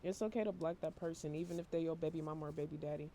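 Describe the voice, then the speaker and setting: A worn-out man giving a casual tarot reading to camera, talking in a flat, low-energy monotone and swearing casually. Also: racing, a little hiss or hum. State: emotionally worn out. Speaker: tarot reader.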